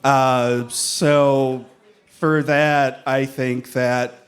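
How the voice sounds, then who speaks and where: A man giving a rebuttal at a mock courtroom panel, unhurried, pausing on fillers and chuckling. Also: medium pitch, little pitch movement, smooth. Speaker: opposing lawyer on a comedy panel. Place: convention panel room before a live audience.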